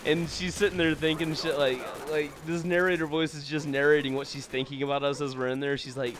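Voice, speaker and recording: A man's voice: on the high side, level tone, fairly quick, few pauses, crowd noise. A young man telling stories in a casual, rambling way over gameplay, swearing often and leaning on fillers. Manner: rambling, profane, filler-heavy. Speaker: gameplay commentator.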